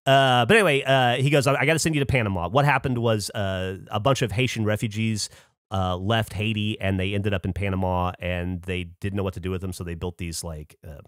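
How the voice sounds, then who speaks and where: A man's voice: lowish voice, steady tone, brisk, no room sound, clean studio sound. A man in his late forties from Alabama, a podcast co-host telling a long story in a casual, profane, laid-back way.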